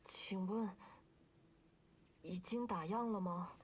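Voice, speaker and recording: A woman voicing a quiet, soft-spoken young performer in game dialogue, with a breathy voice and a hesitant manner. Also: medium pitch, slow, a loud crowd, lightly acted.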